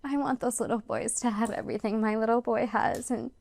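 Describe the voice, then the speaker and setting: A woman who is a teacher, speaking softly and haltingly in an emotional interview. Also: fairly high pitch, fairly even intonation, vocal fry, no room sound. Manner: soft, halting, tearful. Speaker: children's entertainer and teacher.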